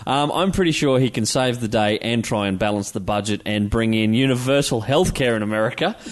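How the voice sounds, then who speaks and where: A man's voice: medium pitch, brisk. An Australian man who hosts the show and runs a comic shop, talking in a casual, joking way. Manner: chatty, joking, laughs often. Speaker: podcast host and comic retailer. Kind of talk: casual chat.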